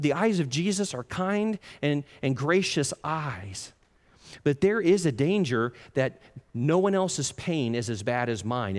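Male preacher, earnest sermon, pitch swings a lot, long hall reverb behind him. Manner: earnest, acts out the listener's complaints in quoted asides.

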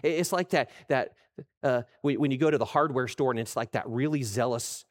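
A middle-aged man preaching a sermon, animated, acting out quoted voices and restarting his words. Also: medium pitch, brisk. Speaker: pastor.

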